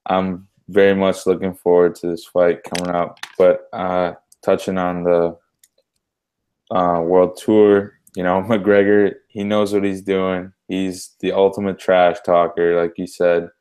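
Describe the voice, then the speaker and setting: Casting: deep, monotone male co-host with a clean voice, eager and chuckly. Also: unhurried, clear, resonant tone. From US Midwest. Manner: enthusiastic, chuckling, trailing off softly. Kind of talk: casual sports talk.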